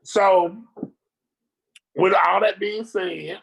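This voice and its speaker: A speaker on a video call, telling a rambling, animated story in casual chat, with slang and swearing. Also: medium pitch, drawn-out words, gravelly, husky.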